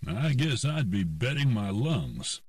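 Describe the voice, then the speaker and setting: A narrator doing a joking gambler. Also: male voice, mid-range voice, sing-song, slow pace, darkish tone, dry recording, clean studio sound, distant mic, pitched above the performer's own voice. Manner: easygoing, joking. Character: confident male gambler.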